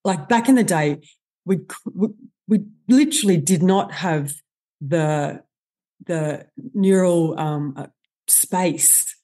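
A woman talks with eager, animated energy, piling up quick examples as she explains. Her voice sits a little low and sounds soft and mellow. It is a relaxed podcast conversation. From Australia. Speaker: guest expert on stress and performance.

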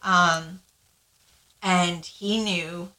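A woman's voice: on the low side, fairly even intonation, drawn-out words, bright, forceful tone. Woman, podcast co-host, casual storytelling, frank, cursing, roomy echo. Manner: frank, swears freely, acts out quoted lines.

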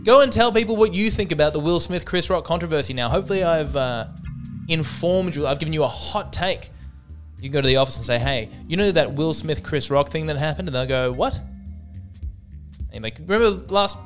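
A man hosting a solo comedy podcast, talking in a wry, self-mocking way and acting out the voices in his jokes. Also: medium pitch. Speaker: podcast host.

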